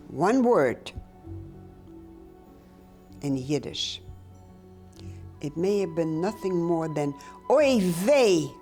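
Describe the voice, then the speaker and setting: An older woman recounting her own memories in a slow, halting, reflective way with pauses. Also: low-pitched, gravelly, warm tone. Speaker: Holocaust survivor giving testimony. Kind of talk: personal testimony, recounted memories.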